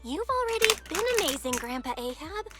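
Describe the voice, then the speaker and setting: A woman's voice: high voice, sing-song, fairly quick, pushed and bright, exaggerated voice. An actress voicing a cheerful, eager young girl adventurer in a game. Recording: game audio with music behind.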